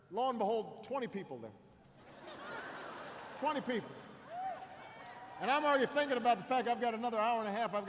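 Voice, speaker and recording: A middle-aged man telling a story in a campaign speech, stumbling over repeated words and building to shouts. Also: sits high. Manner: halting repetitions, slow build to shouted climax. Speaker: political candidate speaking at a rally. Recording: long reverb in a large hall, faint noise.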